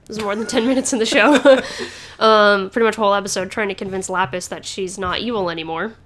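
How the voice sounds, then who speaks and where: A woman talks through her podcast in a loose, rambling way, full of fillers and restarts and frequent laughter. Her pitch sits in a typical middle range for a woman. The delivery is casual and chatty. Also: steady tone, brisk, a bit bright. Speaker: podcast host. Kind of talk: casual chat.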